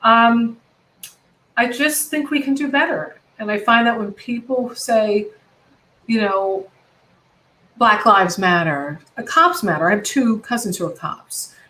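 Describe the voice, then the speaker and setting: A woman's voice: fairly high pitch, measured pace, bright, forceful tone, poor audio. A middle-aged American woman comedian, talking passionately and rambling with many self-corrections over a video call. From United States. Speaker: comedian guest. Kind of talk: casual video-call conversation.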